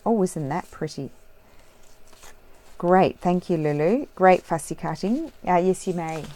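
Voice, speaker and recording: A woman's voice: lowish voice, unhurried, dark tone. A woman vlogger talking casually through a crafting tutorial at home, rambling and often correcting herself mid-sentence. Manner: rambling, with many self-corrections and trailing asides.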